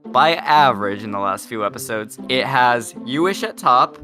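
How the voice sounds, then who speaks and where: A man hosting a casual group podcast, relaxed and leading the discussion. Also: medium pitch, moderate pace, soft background music. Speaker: podcast host.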